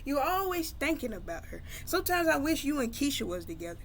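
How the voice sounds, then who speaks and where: A woman's voice: high-pitched, big pitch swings, fairly quick, slight background noise, pitched above the performer's own voice. A woman voicing an upset, jealous young woman pleading with her brother in a spoken story.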